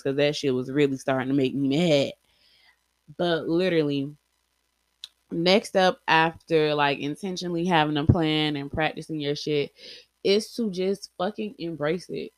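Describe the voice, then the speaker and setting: A woman's voice: low-pitched, steady tone, normal speed, no echo. A young adult woman vlogger telling personal stories candidly, blunt and heavily profane, acting out quoted lines.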